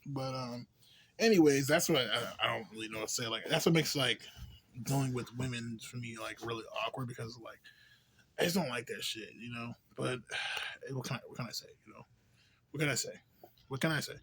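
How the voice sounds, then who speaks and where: Young tipsy dude, mid-pitched voice, just rambling into the camera, lots of "you know what i'm saying", faint hiss. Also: male voice, a little fast, fairly bright tone. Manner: loose, profane, filler-heavy slang talk. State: a little tipsy from beer. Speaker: vlogger. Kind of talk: casual rambling vlog monologue.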